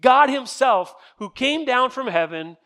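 Speaking unhurriedly in a very high, pushed and bright voice, a pastor teaches a casual Bible study in sermon style. He's animated, dramatizes his scripture readings, and keeps it conversational by asking the group questions.

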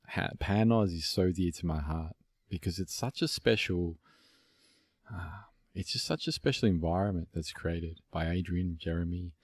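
A man from Australia hosting a casual podcast conversation, relaxed and reflective, with many fillers and restarts. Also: sits low, no echo, clean studio sound. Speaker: podcast host.

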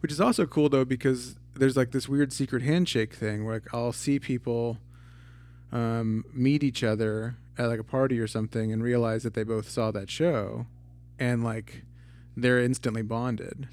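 A man's voice: mid-range voice, steady tone, normal speed, darkish tone. Reflective man guesting in a casual chat. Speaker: guest, theater maker.

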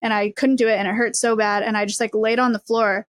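Candid young woman, high dry voice. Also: level tone, fast talker, no room sound. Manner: candid, confessional, talks in run-on strings. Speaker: podcast co-host. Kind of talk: casual chat.

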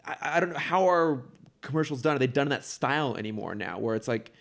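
A man's voice: mid-range voice, fast talker, gravelly. Rambling male podcast co-host. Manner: rambling, heavy on fillers and restarts. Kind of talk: casual chat.

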